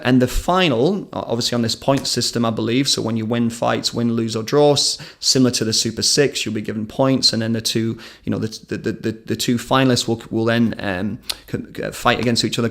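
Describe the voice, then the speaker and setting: A man hosting a live combat sports stream, talking in a chatty, rambling way and telling anecdotes in a studio. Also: medium pitch.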